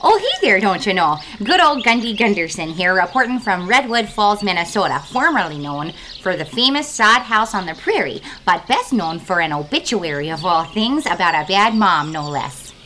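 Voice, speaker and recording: A woman's voice: medium pitch, sing-song, moderate pace, hardly any pauses, bright, forceful tone, a little hiss or hum. A woman playing a folksy Minnesota field reporter with an Upper Midwest accent. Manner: folksy, exaggerated sing-song.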